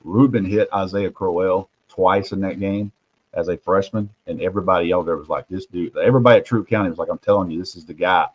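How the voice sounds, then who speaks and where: A man hosting casual sports talk. He tells stories animatedly, dropping to hushed asides and rising for loud punchlines. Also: deep voice, fairly even intonation, fast talker, no echo. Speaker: host, recruiting reporter. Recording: muffled lo-fi audio.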